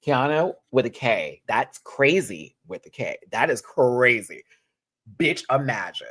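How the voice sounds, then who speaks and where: A young man talks through a reality show review in a loose, chatty way. His voice is bright and clear, and he often jumps up into high exclamations. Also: a little slow. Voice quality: expressive, animated, swings into high exclamations. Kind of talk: casual commentary.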